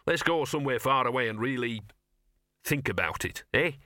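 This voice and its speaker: A scruffy, cynical male talking dog with a gloomy, knowing way of dragging out his words, as a man puts him on. The voice is bright and forward. The recording is dry and close. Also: mid-range voice, expressive, no room sound. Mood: ominous. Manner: gloomy, knowing, drawn-out working-class talk.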